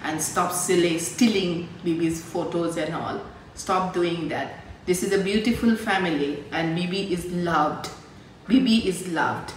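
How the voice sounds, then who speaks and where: A woman from India giving an emotional farewell speech to a host family, halting and heartfelt, with many fillers. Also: fairly low pitch. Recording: echoey, from a distance, faint noise.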